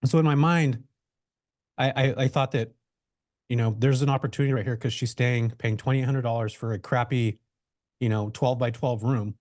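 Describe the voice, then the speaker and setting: A medium-pitched man with fairly even intonation and a slightly mellow quality speaks at a moderate pace. He's a real estate investor guest on a webinar interview, narrating casually with many fillers and restarts. His video call mic yields studio-quality audio with no echo.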